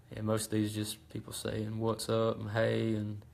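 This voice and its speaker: A man hosting a casual how-to livestream about engine parts, talking in a relaxed, chatty way with many ums and restarts. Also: on the low side, vocal fry. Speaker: host of a racing parts livestream.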